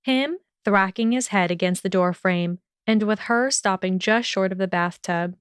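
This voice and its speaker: A woman narrating a fan-fiction audiobook for her podcast with steady storytelling delivery. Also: mid-range voice, normal speed, clean tone, no room sound, studio quality.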